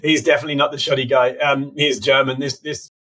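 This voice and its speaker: A man with a British accent, a podcast guest explaining health topics casually, quick and full of fillers. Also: mid-range voice, flat delivery, sharp tone. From United Kingdom. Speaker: podcast guest, biohacking conference organizer. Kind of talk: casual interview answers.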